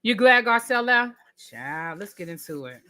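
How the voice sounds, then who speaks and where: Very animated at a moderate pace, a woman with a mid-range, sharp-toned voice hosts a live review stream. She talks to viewers in a chatty, emphatic way, full of Southern slang: "child," "honey," "ain't."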